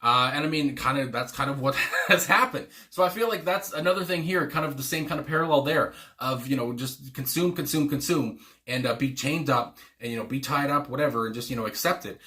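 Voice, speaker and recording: A man with a bright, tense timbre gives loose reaction commentary on a track. He rambles excitedly, piling on fillers, swearing and little chuckles as he goes. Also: medium pitch, brisk, hardly any pauses. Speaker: music reaction channel host.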